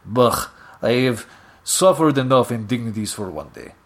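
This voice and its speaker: A man's voice: medium pitch, lively intonation, normal speed, lightly acted. A man voicing a proud, theatrical male hunter villain who speaks in a grandiose way. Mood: haughty. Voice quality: grandiose, boastful manner.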